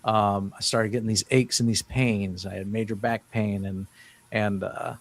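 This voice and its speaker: A man's voice: lowish voice, steady tone, unhurried. A man in his fifties, a guest in an interview, telling his story in an earnest, rambling way with many restarts. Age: 50s. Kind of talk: casual interview talk.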